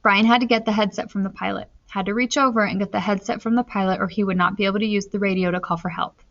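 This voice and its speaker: A woman narrates a novel at a steady storytelling pace, her voice lifting as the tension climbs. Her pitch sits in a middle range, and the recording sounds dull and lo-fi. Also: fast talker. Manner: steady storytelling, rising in tense moments. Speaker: audiobook narrator. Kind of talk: novel read aloud.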